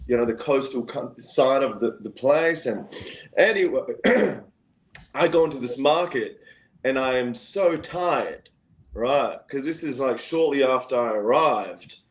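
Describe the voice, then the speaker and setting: Man, podcast guest, casual storytelling, middle-pitched voice, acts out quotes, rambling with "anyway". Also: measured pace, poor audio. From Australia. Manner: animated, acts out quoted voices with big pitch jumps, keeps saying "anyway". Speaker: guest singer-songwriter.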